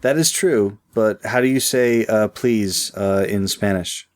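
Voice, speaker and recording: A man's voice: on the low side, a little slow. A man co-hosting a casual podcast, wry and teasing, with many fillers and restarts. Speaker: podcast co-host.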